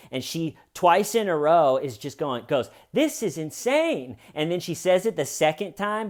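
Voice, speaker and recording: A man giving sarcastic, comic true crime commentary in an animated storytelling manner. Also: fairly high pitch.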